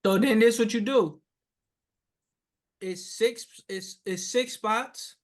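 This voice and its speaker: This is a high-voiced man, blunt and emphatic in casual podcast chat. He pushes his points hard and swears freely among friends. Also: takes it slowly. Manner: loud, blunt and emphatic, profane banter. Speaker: podcast co-host.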